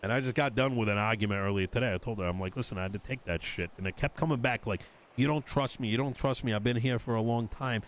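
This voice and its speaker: A lowish-voiced man races through his lines with hardly a pause, playing a politician character in an online roleplay. Exasperated and cursing, he retells an argument with quoted dialogue. Some slight background noise is present.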